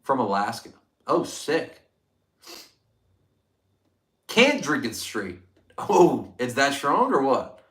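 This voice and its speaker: A man hosting a casual whiskey livestream, chatting loosely and getting excited as he reads out and thanks viewer comments. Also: medium pitch, takes it slowly, pauses often. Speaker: livestream host reviewing whiskey. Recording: echoey room.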